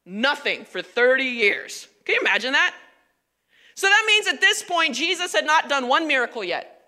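Woman pastor, high voice, very bright tone, lively conversational sermon, long hall reverb. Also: moderate pace. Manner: animated, emphatic, conversational.

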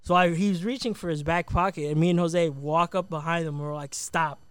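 A man's voice: on the high side, fairly even intonation, quick pace, fairly bright tone, clear, resonant tone, dry recording. A young man co-hosting a podcast, recalling stories with a friend in a laid-back, profane chat. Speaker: podcast co-host. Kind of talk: casual storytelling chat.

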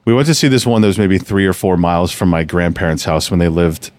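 A man with a very deep voice tells stories on a casual chat podcast. He rambles and often restarts his sentences. The sound is dry and close to the mic. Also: fast, dry recording. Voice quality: low, relaxed storytelling with frequent restarts. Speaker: podcast host.

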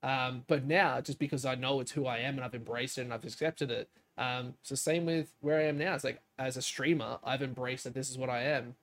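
A young man co-hosting a podcast, telling stories in a lively way, acting out quotes and swearing casually. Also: mid-range voice, brisk, few pauses. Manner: animated storytelling, acts out quotes. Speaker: podcast co-host, streamer.

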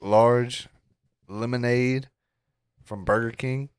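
A man's voice: mid-range voice, steady tone, slow pace, smooth, no room sound. A man chatting on a podcast, enthusiastic and slangy, calling everyone bro. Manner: enthusiastic, says bro a lot. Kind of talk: casual podcast banter.

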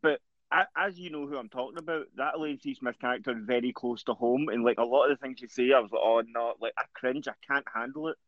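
A man's voice: medium pitch, fast talker, dry recording. Scottish guy cohosting, wry, muffled lo-fi mic, dry sound. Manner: wry, reading out comments. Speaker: podcast co-host. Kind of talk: casual chat. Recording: dull lo-fi mic.

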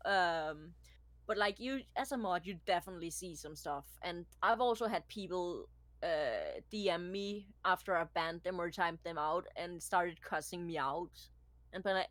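A young woman who moderates streams, telling stories in a chatty, animated way with lots of fillers. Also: fairly low pitch, normal speed, no echo. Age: young adult. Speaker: Twitch moderator. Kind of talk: casual podcast chat.

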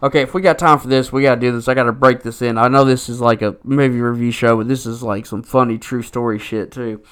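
Man, podcast co-host, casual storytelling, rambling, foul-mouthed, filler words, mid pitch. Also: steady tone, fast, a bit bright, clear, resonant tone.

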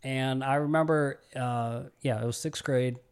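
A young man from Alabama talks through a personal story as a podcast host. His voice sits in an ordinary middle pitch. He rambles in a relaxed way, circling back with fillers and restarts. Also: measured pace, clean tone.

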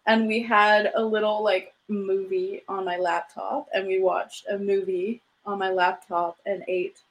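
A woman's voice: medium pitch, level tone, a little slow, low-quality recording. A young woman co-hosting a podcast, telling stories in a chatty way and laughing often. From Canada. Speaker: podcast co-host. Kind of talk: casual chat.

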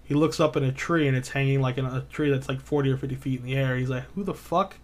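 A man's voice: mid-range voice, flat delivery, quick pace. A man casually retelling a spooky story, rambling with lots of filler words and swearing. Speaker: podcast co-host.

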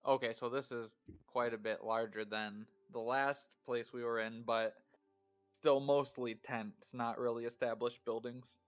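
A man's voice: medium pitch, steady tone, measured pace, clear, resonant tone, faint music behind. A man playing a tabletop game, casually describing what his character does. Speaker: player.

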